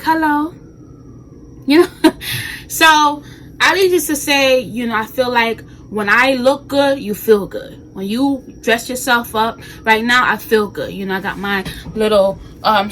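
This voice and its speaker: A woman's voice: a little high, measured pace, slight background noise, rough recording. A woman in her twenties from New York, chatting casually and animatedly to viewers in a home vlog. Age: 20s. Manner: animated, sassy, talks straight to viewers with slang. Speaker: vlogger. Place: bedroom at home.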